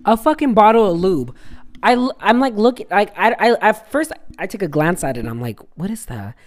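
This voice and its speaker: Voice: mid-range voice, expressive, brisk. A young adult podcast co-host in a casual solo episode, rambling and swearing freely while telling a funny story. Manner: rambling, profane, laughing storyteller.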